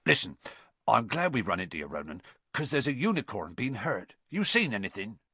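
A man voicing a huge, gruff gamekeeper with a rough in a storybook reading. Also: lowish voice, sing-song, a little fast, pushed and bright, no room sound, heavily acted. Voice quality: gruff, blunt.

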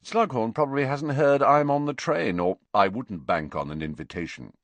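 A man's voice: medium pitch, moderate pace, no room sound, voice pushed up, lightly acted. A man voicing a spoiled, sneering teenage wizard boy who drawls with scorn. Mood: scornful.

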